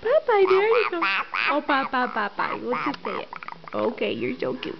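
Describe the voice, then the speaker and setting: A woman's voice: high voice, very animated, moderate pace, creaky. A mother coaxing her baby in sing-song baby talk at home, laughing often. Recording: dull lo-fi home video with noise.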